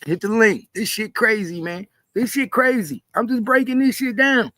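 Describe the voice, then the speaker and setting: A man doing heated livestream commentary, repeating himself in disbelief and often shouting. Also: high-pitched, moderate pace, dry recording. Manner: repetitive, incredulous, frequently shouting. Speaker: commentary streamer.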